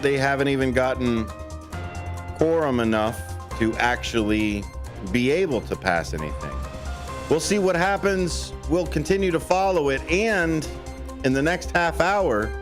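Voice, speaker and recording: A man hosting a talk radio show, wrapping up a segment in a relaxed way before a break. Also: a little high.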